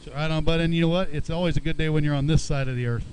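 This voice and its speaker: A man's voice: a little high, fairly even intonation, racing, a little mellow, slight background noise, rough recording. A man emceeing an outdoor fishing weigh-in, announcing weights and chatting chummily with each angler. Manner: upbeat, chummy, calls anglers bud. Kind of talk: live announcing with banter.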